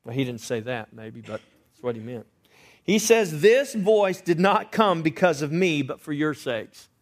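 A pastor preaching a sermon, swinging between loud emphasis and hushed asides and asking rhetorical questions. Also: male voice, on the high side, animated, measured pace. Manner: asks the congregation rhetorical questions.

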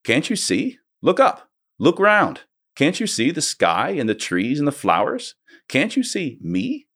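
A man reading aloud and voicing an earnest young girl who pleads in a high voice. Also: wildly swooping pitch, a little slow, fairly bright tone, full character voice. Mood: pleading. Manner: urgent, high-pitched pleading.

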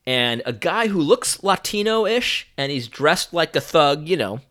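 A young man giving a sarcastic, animated opinion monologue full of restarts. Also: on the high side, unhurried. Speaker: commentator.

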